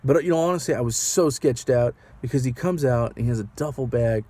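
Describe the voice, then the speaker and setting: Male rideshare driver, vlog storyteller, mellow, rambly and nervous, rhetorical questions to camera. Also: mid-range voice, fairly quick. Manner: rambling, anxious, asks the viewer rhetorical questions.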